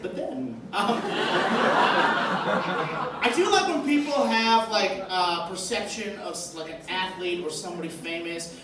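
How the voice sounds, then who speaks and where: Here a fairly high-pitched man from Boston works through a stand-up set, his stories wandering and stuffed with fillers. Laughter from the crowd and other background noise mix in, picked up by a far-off, echoing club microphone.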